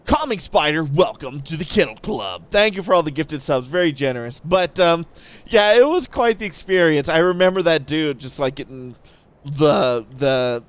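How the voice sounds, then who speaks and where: A man's voice: fairly high pitch, animated, normal speed, smooth. A young man chatting casually on a live game stream, rambling through stories and thanking viewers as he goes. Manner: rambling storyteller who thanks viewers mid-story.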